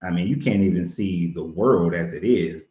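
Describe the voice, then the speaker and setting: A man's voice: low voice, moderate pace, warm tone. Blunt, combative man host. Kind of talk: heated debate. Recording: roomy, dull sound.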